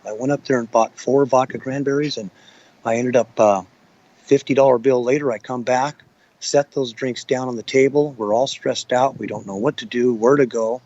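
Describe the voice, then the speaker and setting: A man's voice: mid-range voice, fairly even intonation, moderate pace, a little mellow, dry recording, dull audio. A man recounting what he witnessed in an interview, plain-spoken and rambling. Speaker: eyewitness.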